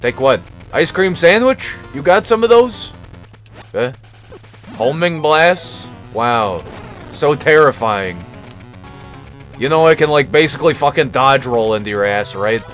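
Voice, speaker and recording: A man's voice: medium pitch, lively intonation, measured pace, fairly bright tone, soft background music. A man streaming a video game and commenting casually, with profane, self-mocking jokes.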